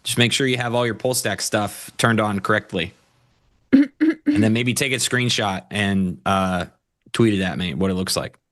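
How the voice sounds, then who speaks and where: A man's voice: lowish voice, sing-song, moderate pace, fairly bright tone. A man co-hosting a live stream, chatting loosely and laughing often as he answers chat questions.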